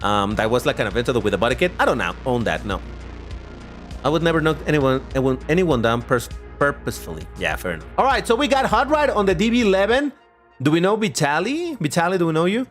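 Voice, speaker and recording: Man, high voice, very animated pitch, rambling live-stream host, casual chat, answers viewers aloud. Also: quick pace. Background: faint background music.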